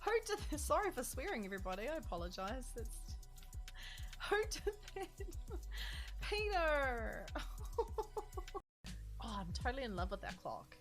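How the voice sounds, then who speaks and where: A young woman streaming a building game, chatting casually with viewers, giggly and excitable and reacting loudly to surprises. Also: fairly high pitch, normal speed, long pauses. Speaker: Minecraft streamer. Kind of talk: casual live-stream chat. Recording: faint music under the voice.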